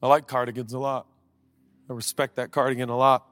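A man preaching a sermon as pastor, swinging between loud impassioned calls and quiet conversational asides. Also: mid-range voice, flat delivery, a little fast, no echo, big-room sound.

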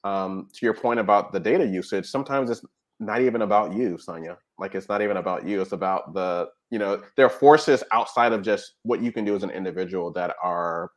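A low-voiced man, speaking a little fast, explains things as a guest expert on technology habits in a conversational interview. He often says "right?" and "you know."

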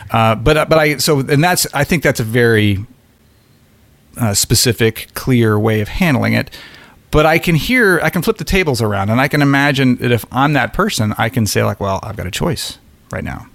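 A middle-aged man hosting a casual conversation, reflective and halting, often restarting his sentences. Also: mid-range voice, gravelly, fairly bright tone, dry recording.

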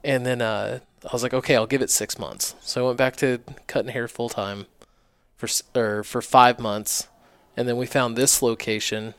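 A man in his thirties spins animated, profane stories in a podcast chat. His voice is smooth and resonant, recorded close and dry, with no room around it. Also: medium pitch, moderate pace, no room sound. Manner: animated, profane, quotes himself and others. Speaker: guest, barber and business owner. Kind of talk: casual storytelling in conversation.

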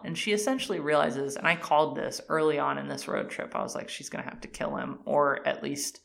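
In a casual chat, a woman with a low, creaky voice talks a little fast and barely pauses. She animatedly retells a TV series' plot, acting out the characters' lines and filling it with "like" and "um."

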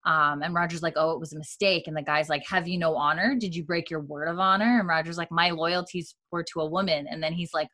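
Low-voiced woman, casual podcast co-host, rambling recap full of fillers. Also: steady tone, fast, hardly any pauses, bright, forceful tone. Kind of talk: casual chat.

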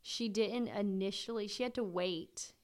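A woman's voice: medium pitch, measured pace, a little mellow, clean tone. A woman co-hosting a casual faith chat, talking in an emotional, gushing way. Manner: emotional, gushing, tearful at times.

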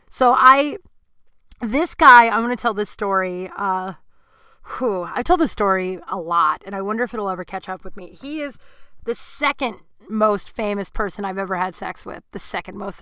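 A woman podcast host spins frank, rambling stories, leaning on "like" and poking fun at herself. Her voice is bright and ringing, with a smooth, crisp clarity. The sound is close and dry, with no room around it. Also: medium pitch, dry recording. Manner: crude, self-mocking humor. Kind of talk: candid storytelling chat.

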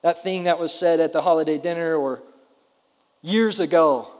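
This pastor, a man in his thirties, talks with his congregation more than at them, asking questions as he preaches. His pitch is on the high side and his tone darkish, at a normal speed, with the roomy church hall adding a long reverb.

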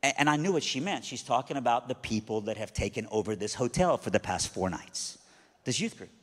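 A man's voice: medium pitch, lively intonation, brisk. A man preaching, telling a story with animation and frequent stammered restarts. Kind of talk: sermon storytelling. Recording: long hall reverb.

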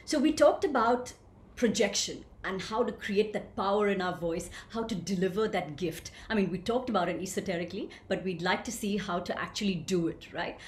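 A woman leading an online voice workshop, telling stage stories and reading out participants' comments in an animated, engaging way. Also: medium pitch, a little fast. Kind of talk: interactive webinar talk. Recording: echoey room with faint ambient noise.

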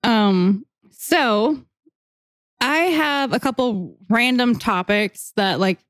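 A woman's voice: fairly high pitch, expressive, takes it slowly, dry recording. A woman in her twenties co-hosting a casual podcast, rambling with lots of fillers and frequent laughter. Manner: giggly, rambling with many fillers. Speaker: podcast co-host. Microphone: podcast mic.

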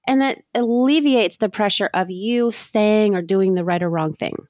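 A woman co-host asking questions and sharing her own experience in an easy, affirming manner. Her voice sits at a middle pitch and sounds dry and close. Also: normal speed, a little mellow, dry recording. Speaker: podcast co-host. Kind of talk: podcast interview.

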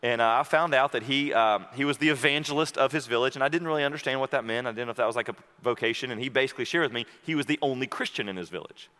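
A man preaching a sermon, telling a story and then moving into a quiet, intimate prayer. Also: medium pitch, racing, hardly any pauses. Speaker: pastor. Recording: long hall reverb.

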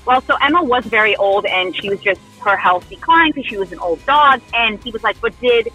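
Animated woman with a husky voice. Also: fairly high pitch, a little fast, soft background music, poor audio. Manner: animated, breathless storytelling. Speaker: storyteller recounting a haunting. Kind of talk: casual chat.

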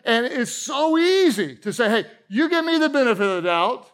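A middle-aged pastor delivers a sermon with a notably high voice. He tells stories with humor and audience asides, speaking to a congregation in a church. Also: big pitch swings, moderate pace, fairly bright tone. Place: church auditorium with a live congregation.

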